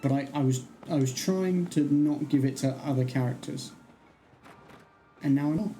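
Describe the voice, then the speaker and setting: A man's voice: a little high, moderate pace, mellow, slight background noise, low-quality recording. Chatty young man streaming a game. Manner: chatty, laughs easily. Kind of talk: casual game commentary. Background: game music.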